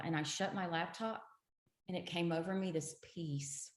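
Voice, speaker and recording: As an interview guest, a middle-aged woman with a low voice tells her story earnestly and emphatically at a moderate pace. A roomy echo surrounds the sound.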